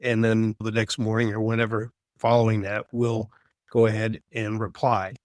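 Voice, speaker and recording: A man's voice: on the low side, little pitch movement, moderate pace, dry recording, studio quality. A man co-hosting a podcast in casual chat, explaining things earnestly and telling stories from his own work. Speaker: podcast co-host.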